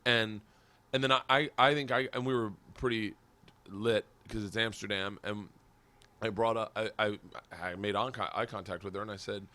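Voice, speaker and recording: A man hosting a podcast, telling a wild story in a casual chat, laughing often and shouting the quoted lines. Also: on the low side, fairly even intonation, normal speed, slight background noise. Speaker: podcast host.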